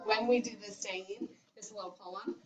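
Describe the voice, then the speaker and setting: Speaking at normal speed in a steady, medium-pitched voice, a kindergarten teacher guides young children through a math lesson using sing-song call-and-response. The sound is roomy, distant and dull, as in a classroom.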